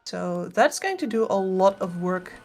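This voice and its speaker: Relaxed female esports color caster. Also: on the low side, moderate pace. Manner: relaxed, chatty, playful asides. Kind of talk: casual color commentary.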